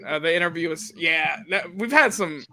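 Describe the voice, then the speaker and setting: A man's voice: on the high side, normal speed, sharp tone, slight background noise. A man hosting a podcast, chatting casually in a rambling, profane way with lots of ums. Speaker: podcast host. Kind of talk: casual chat.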